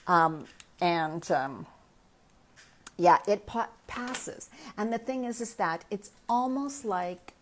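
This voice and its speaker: A woman in her fifties, a midlife health coach, talking candidly in a casual live chat and answering viewer comments from her own experience. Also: on the low side. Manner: candid, chatty, speaks from personal experience.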